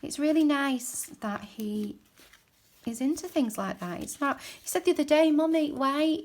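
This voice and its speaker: A woman chatting casually while she crafts at home, rambling and dropping into soft mutters as she works. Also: sits high, expressive, moderate pace. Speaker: craft journaling creator. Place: home craft desk, indoors.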